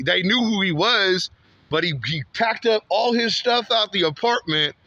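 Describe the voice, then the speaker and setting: This vlogger from Santa Ana, California has a high-sitting, bright, forceful voice, recorded with no echo and the highs cut off as he walks a street outdoors. His story is rambling, repetitive, and heated, and he often finishes lines with "man" or "bro."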